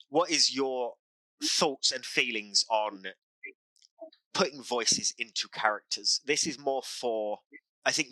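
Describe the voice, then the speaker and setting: Emphatic man, bright and dry. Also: lowish voice, dry recording, poor audio. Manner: impassioned, emphatic, repeats phrases for effect. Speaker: game master and podcast host. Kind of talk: opinionated casual chat.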